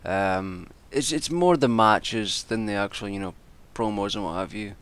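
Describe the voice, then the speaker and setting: A man's voice: lowish voice, measured pace, a bit bright, smooth. A man giving casual, rambling predictions and reviews, exasperated and swearing freely as he talks. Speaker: wrestling commentator and vlogger.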